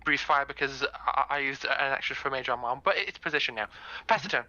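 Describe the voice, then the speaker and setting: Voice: medium pitch, a little fast, sharp tone, muffled recording. A player in a tabletop game describing their character's actions, stumbling and repeating words.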